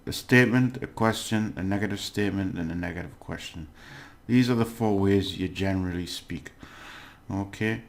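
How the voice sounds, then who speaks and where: A patient man records a casual language lesson, pausing on "uh" and checking in with the listener often. His voice is low-pitched and creaky.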